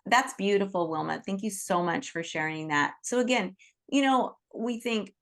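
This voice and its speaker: Gravelly-voiced woman teaching gently. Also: mid-range voice, moderate pace. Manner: earnest, reassuring, frequent "right?" and "you know". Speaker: Reiki teacher leading an online group. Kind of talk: teaching talk to an online group.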